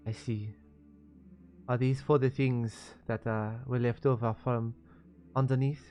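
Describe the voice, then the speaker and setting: A man with a medium-pitched, level, warm voice plays a poised woman tech mogul, putting on a French accent and speaking formally in a tabletop role-play. His delivery is lightly acted, composed, courteous and measured, with faint music in the background.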